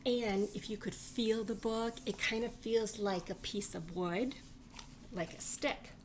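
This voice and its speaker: Woman, children's read-aloud, animated, asks questions, slow pace. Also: fairly high pitch, a little hiss or hum. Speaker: library read-aloud reader.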